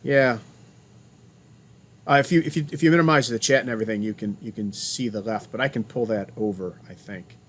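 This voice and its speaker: A man's voice: medium pitch, brisk. A man giving a remote college lecture over a video call, chatty, often restarting his sentences and telling corny jokes.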